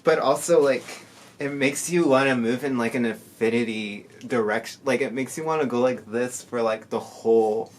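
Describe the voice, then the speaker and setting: A soft-spoken man in casual reaction commentary, rambling with many fillers and sounding tired. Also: medium pitch, moderate pace, a little hiss or hum. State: tired from lack of sleep. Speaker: musician reacting to music. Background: faint music playing.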